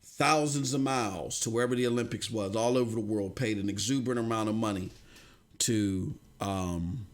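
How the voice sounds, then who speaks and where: A man hosts a live stream about gaming news, ranting casually in slang at a moderate pace. His volume swings from low muttering up to shouting.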